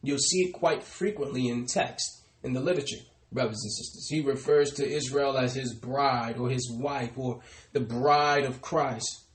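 A man preaching a sermon, often calling his listeners "brothers and sisters" with phrase endings that trail off softly. He slows down to press home key words. His voice sits at a middle pitch, and the room has a noticeable echo. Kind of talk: sermon with scripture call-and-response.

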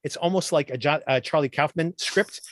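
A man hosting a podcast, ranting about a TV show in animated casual chat and mimicking characters in quick asides. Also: on the high side, no room sound, studio quality. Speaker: podcast host.

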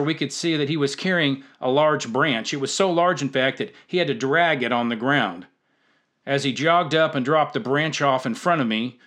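A man who hosts a storytelling show and coaches youth football, narrating a humorous story in a lively way with acted-out dialogue. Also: mid-range voice.

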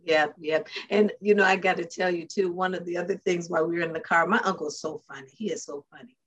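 A married woman in casual chat, telling animated family stories and laughing often. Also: on the low side, fast talker, slightly rough, muffled recording.

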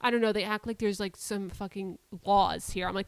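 Casting note: twenties woman, blunt animated storyteller, dry close sound. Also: medium pitch, a little fast, smooth, no echo. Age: 20s. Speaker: podcast co-host. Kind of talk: casual chat.

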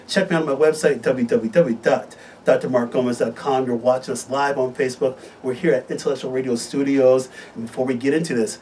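Enthusiastic male health-show host, mid-pitched, a little distant from the mic with faint hiss. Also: darkish tone. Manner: upbeat, enthusiastic, promotional. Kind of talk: live studio talk show. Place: radio studio.

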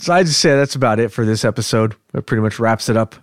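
A man's voice: mid-range voice, fast talker, no room sound, clean studio sound. Laid-back male podcast host. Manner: easygoing, chuckles often between points. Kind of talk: casual chat.

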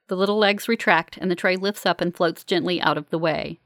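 A woman narrating a first-person novel as an audiobook, in a wry, measured manner. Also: fairly low pitch, a bit bright, no room sound, studio quality.

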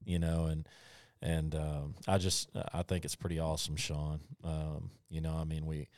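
A man's voice: extremely low pitch, level tone, normal speed, a little mellow, no room sound, studio quality. A man co-hosting a casual faith talk, rambling and hesitant.

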